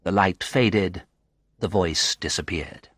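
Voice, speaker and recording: This is a man narrating a graded reader, his voice low, bright and dry. He speaks slowly, clearly and expressively, and the recording carries no room sound.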